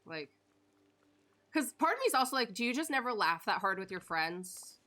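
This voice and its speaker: Her voice sits fairly high, with a sing-song lilt, a sharp tone, and an ordinary speed. As a live streamer, she rambles through easygoing chat during gameplay, laughing often and leaning on fillers.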